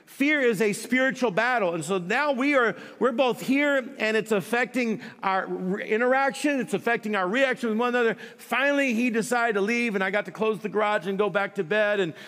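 A man's voice: high voice, brisk, few pauses, fairly bright tone, long reverb tail. A man preaching as a guest pastor, telling a humorous, self-mocking story and laughing at himself. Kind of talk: storytelling sermon.

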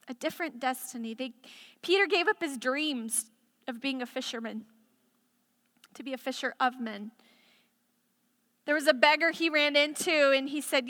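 A woman's voice: high voice, moderate pace, long pauses, sharp tone. A woman preaching a sermon in an impassioned way, building to emphatic declarations, in a church sanctuary. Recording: echoey hall reverb.

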